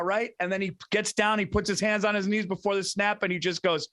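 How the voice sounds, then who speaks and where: A man with a fairly high voice chats loosely on a podcast, his sentences full of restarts and constant "dude"s. His delivery is relaxed and conversational, like a friend talking sports. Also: brisk, hardly any pauses. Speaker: podcast co-host. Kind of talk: casual chat.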